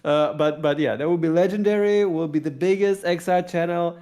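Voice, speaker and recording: A man's voice: a little high, brisk, darkish tone. A man with a Russian accent co-hosting a casual tech podcast, talking energetically with lots of repeated words and restarts. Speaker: podcast co-host.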